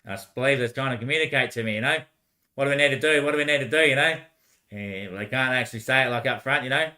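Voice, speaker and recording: A young man rambling in casual talk, swearing, laughing often and repeating short phrases over and over before trailing off into quiet mutters. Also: mid-range voice, fast.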